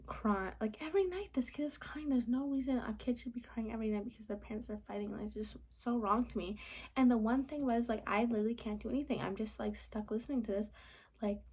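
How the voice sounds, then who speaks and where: A woman's voice: a little high, warm tone, breathy edge. A young woman venting casually in a late-night vlog from her apartment, rambling with lots of "like" and sometimes dropping to a whisper. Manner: rambling, frequent "like", drops to whispers. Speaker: vlogger.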